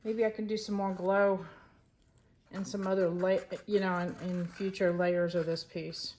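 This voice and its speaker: A woman's voice: medium pitch, flat delivery, normal speed, a little mellow. A woman resin artist talking casually through a craft project, rambling and correcting herself as she thinks aloud.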